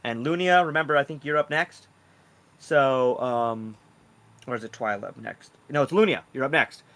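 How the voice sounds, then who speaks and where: A man acts as game master, narrating a tabletop game in a rambling way with many fillers. His voice is medium-pitched and fairly bright, at a moderate pace.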